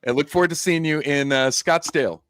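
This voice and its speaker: A man's voice: a little high, fairly quick, fairly bright tone, no room sound. Easygoing man hosting a livestream. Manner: easygoing, laid-back, with filler words. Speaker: host. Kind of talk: casual livestream chat.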